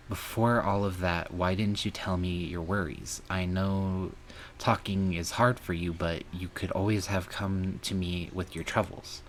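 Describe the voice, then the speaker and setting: Male streamer, low voice, earnest emotional reading of game text, faint background noise. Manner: earnest, emotional reading with some angry outbursts. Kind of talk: reading a visual novel aloud.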